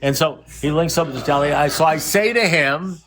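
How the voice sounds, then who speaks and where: Older man, gravelly voice, recovery meeting speaker, rambling wry anecdotes, blunt. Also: fairly high pitch, normal speed, crowd noise.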